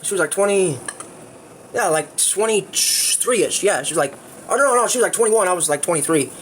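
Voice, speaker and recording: A man's voice: sits high, animated, fairly quick, fairly bright tone, slight background noise. A man telling a crude, rambling story in casual livestream chat, full of fillers.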